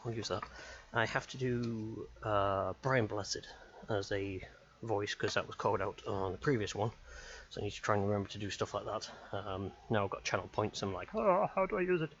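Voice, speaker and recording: A man's voice: lowish voice, a bit bright, highs cut off, a little hiss or hum. A man chatting live as a game streamer, rambling and self-deprecating. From United Kingdom. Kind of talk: live gaming stream chat.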